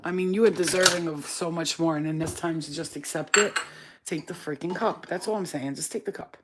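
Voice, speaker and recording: A woman giving a casual spiritual pep talk to her viewers as a reader, blunt, profane and animated. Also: low voice, a little fast, heavy background noise.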